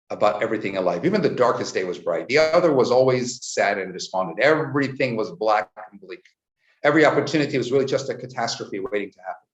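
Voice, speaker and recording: A male rabbi giving a Torah teaching, mid-pitched, breaking into animated voices when he tells a story. The sound is roomy and a little dull, with echo around him. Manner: storytelling with lively voiced quotes. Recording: echoey, slightly dull recording.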